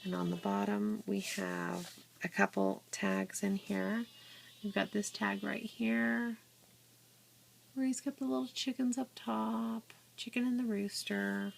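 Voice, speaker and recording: A woman giving a casual, unhurried walkthrough of a handmade scrapbook album, with many fillers and restarts, filmed on a phone at home. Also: medium pitch, fairly even intonation, gravelly. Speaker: crafter showing her scrapbook album. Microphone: handheld phone camera. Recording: faint room noise, phone capture.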